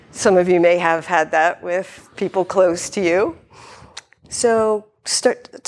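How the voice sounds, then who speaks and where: A woman Zen teacher giving a dharma talk in a reflective, gently hesitant way. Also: fairly low pitch.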